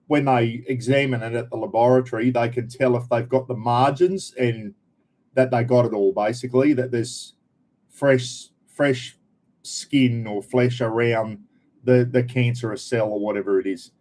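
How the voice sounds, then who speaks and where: A man's voice: medium pitch, fairly even intonation, moderate pace, a little mellow. Chatty Australian man hosting a live stream. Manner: chatty, greets viewers by name, swears lightly. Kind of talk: casual live stream chat.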